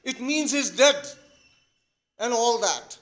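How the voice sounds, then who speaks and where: A man voicing an irritable older father, blustering and shouting. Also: very high voice, expressive, slow, exaggerated voice. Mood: exasperated. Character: irritable old father, quick-tempered.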